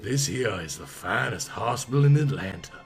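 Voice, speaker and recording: A man doing a breathy Southern nurse. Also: on the low side, animated, moderate pace, faint music behind, voice pushed down. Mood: sweet, soothing. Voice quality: breathy, sweet, soft.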